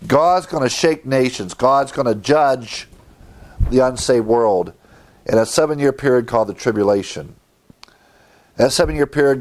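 A man's voice: on the low side, darkish tone. A man preaching a sermon as pastor, acting out biblical characters with short quoted lines.

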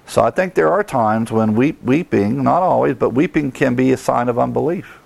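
A man preaching a sermon as a pastor, with a mid-range voice that climbs higher when he presses a point. His delivery is emphatic and earnest, and he breaks into short chuckles along the way. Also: moderate pace, gravelly, hardly any pauses, darkish tone.

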